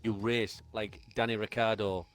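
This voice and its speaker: A man's voice: lowish voice, little pitch movement, moderate pace, a bit bright. A man co-commentating a live race stream with jokey, teasing banter.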